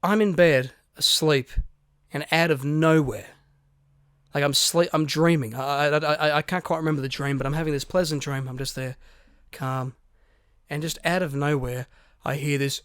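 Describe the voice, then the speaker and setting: Animated man telling a story. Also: on the high side, moderate pace, smooth, no room sound, studio quality. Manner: animated storyteller, swears a lot, acts out quotes. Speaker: podcast co-host. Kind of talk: casual storytelling chat.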